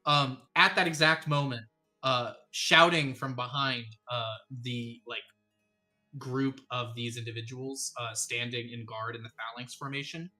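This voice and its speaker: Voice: mid-range voice, steady tone, unhurried, pushed and bright, faint music behind. A game master narrating a tabletop game in a rambling way, with many ums and uhs.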